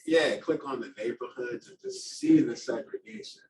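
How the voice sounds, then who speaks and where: A man on a discussion panel, speaking in a reflective, animated way about working with young people. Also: mid-range voice, normal speed, echoey room, a crowd in the background. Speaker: panelist, community youth worker. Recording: distant mic with room noise.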